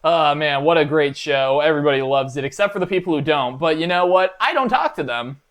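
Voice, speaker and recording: A man hosting a comedy reaction video, with a slightly high voice. He rambles in a mock-enthusiastic way, filling his pauses with uhs. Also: expressive, a bit bright.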